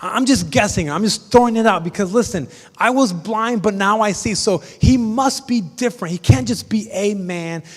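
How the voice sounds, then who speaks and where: Man doing a healed blind man, plain and unsure, high voice, long reverb. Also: moderate pace. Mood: tentative. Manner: plain, tentative, guessing aloud.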